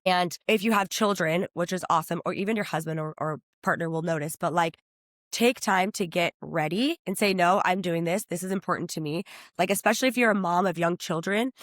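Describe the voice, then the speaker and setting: A woman in her thirties, a personal stylist guest on a podcast, talking in an upbeat, chatty way and acting out quotes in higher voices. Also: no echo, clean studio sound. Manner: enthusiastic, chatty, acts out quotes with high-pitched voices.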